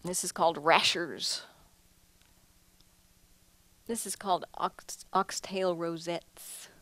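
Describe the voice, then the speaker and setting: Chatty woman artist with a low voice. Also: steady tone, takes it slowly, fairly bright tone, no echo. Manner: chatty, laughs often, many restarts and "you know". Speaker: artist giving a talk. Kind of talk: casual gallery talk. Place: museum lecture hall.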